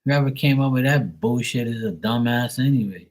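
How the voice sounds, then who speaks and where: A man's voice: mid-range voice, normal speed, poor audio. A man from Bermuda, ranting bluntly and profanely to viewers on a casual livestream. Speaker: livestream host.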